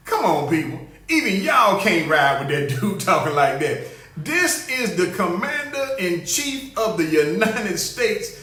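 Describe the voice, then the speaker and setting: Lively guy hosting a funny live show, high pitched, echoey room. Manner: animated, laughing, greets viewers by name. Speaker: show host. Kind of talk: comic live commentary. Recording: roomy echo.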